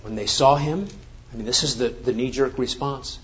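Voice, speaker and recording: A man's voice: medium pitch, moderate pace, a bit bright. A man preaching a sermon, reading scripture and then explaining it with emphatic, rising exclamations. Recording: dull lo-fi sound.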